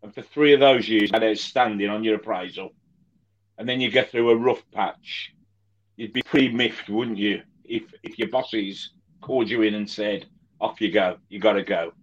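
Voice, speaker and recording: A man talking as a fan guest on a video call, slow and measured with many "um" pauses. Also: fairly low pitch, steady tone, highs cut off. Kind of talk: casual chat.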